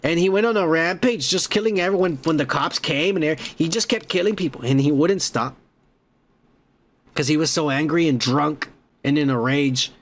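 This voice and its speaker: A man's voice: a little high, moderate pace. A man recapping a movie in a casual, profane, rambling way, retelling scenes with acted-out quotes. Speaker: podcast host.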